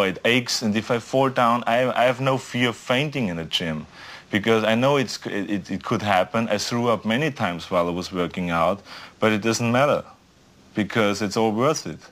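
A man giving a motivational talk in a halting way, pausing on fillers. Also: lowish voice, a bit bright. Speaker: speaker.

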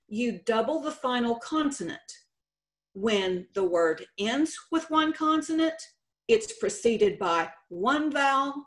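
A woman contest director giving a slow, deliberate instructional talk on spelling rules. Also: on the high side. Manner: slow, deliberate teacherly explanation. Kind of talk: instructional presentation.

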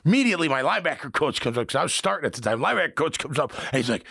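Dry-sounding former-player radio host. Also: male voice, mid-range voice, racing, vocal fry, breathy edge, no room sound. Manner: storytelling, laughs often, animated. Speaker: sports radio host, former NFL linebacker. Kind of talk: casual sports talk.

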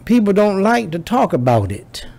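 Pastor, male, gravelly, slow deliberate sermon delivery with repeated punchlines, a bit high-pitched. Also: very animated, darkish tone. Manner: preaching with rising emphasis and repetition.

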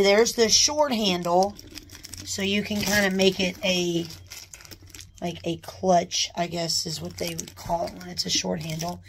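A woman chatting casually as she unboxes a new purse, gushing with excited exclamations. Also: mid-range voice, a little hiss or hum. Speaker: unboxing vlogger. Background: paper crinkling.

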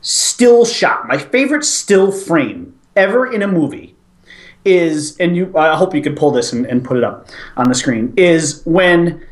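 Male co-host, very animated pitch, rambling fan energy. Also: a little slow. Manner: enthusiastic, rambling, breaks into laughter. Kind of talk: casual chat.

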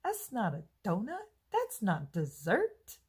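A woman's voice: mid-range voice, huge pitch swings, slow pace, a little mellow, breathy edge. A woman talking to the camera in a casual, chatty diary vlog, upbeat and self-deprecating. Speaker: vlogger.

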